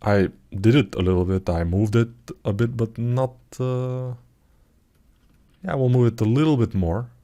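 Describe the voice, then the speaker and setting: Speaking a little slowly at a medium pitch, a man who teaches 3D art talks through his sculpting in a live tutorial. He's relaxed and self-deprecating as he thinks aloud, and typing is heard in the background.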